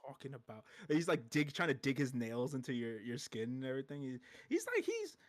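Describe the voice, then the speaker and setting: A man's voice: medium pitch, big pitch swings, brisk, no echo. A man running a tabletop game as game master, narrating in a loose, casual way and laughing often.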